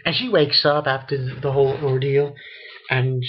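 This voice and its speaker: A man's voice: fairly high pitch, fairly even intonation, moderate pace, long pauses, breathy edge, dull audio. A man giving a casual spoken review of an anime episode, rambling with many restarts and fillers.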